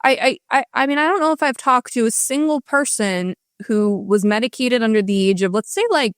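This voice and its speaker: A woman guest in a candid interview, talking with passion and emphasis, in rushes with many restarts. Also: on the high side, dry recording, clean studio sound. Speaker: guest author.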